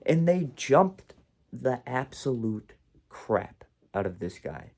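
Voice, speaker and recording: A man's voice: medium pitch, sing-song, takes it slowly, a little mellow. A man telling a casual storytime to camera, rambling with frequent "like" and self-interruptions. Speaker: vlog host.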